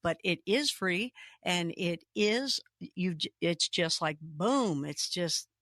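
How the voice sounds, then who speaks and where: A woman hosting a radio talk show, a little hoarse, chatty and upbeat, laughing between words. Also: lowish voice, animated, takes it slowly, a bit bright, dry recording, clean studio sound. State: slightly hoarse. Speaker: radio host.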